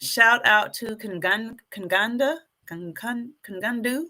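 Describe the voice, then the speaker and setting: Woman doing a live stream, bright higher voice, keeps calling everyone folks, gets all hyped and preachy. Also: slow. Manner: animated, preachy, hypes herself up; keeps addressing viewers as folks. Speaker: YouTube live stream host. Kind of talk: casual live stream chat.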